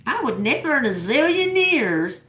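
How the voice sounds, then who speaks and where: In a roomy, echoing recording, a woman speaks at normal speed in a high, fairly bright voice with big swings in pitch. She's an adult tarot reader with a grown daughter, casually telling stories to her livestream audience, blunt, profane and quick to laugh.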